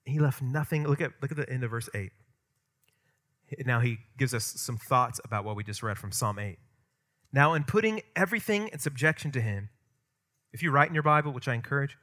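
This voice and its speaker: A man preaching a sermon as pastor, emphatic and conversational, swinging from loud stressed points to quiet asides. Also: mid-range voice. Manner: conversational with asides and light humor.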